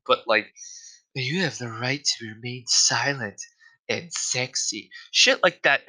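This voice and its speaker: A man's voice: medium pitch, bright, forceful tone, rough recording. A man delivering a casual, profane solo rant, exasperated and full of fillers.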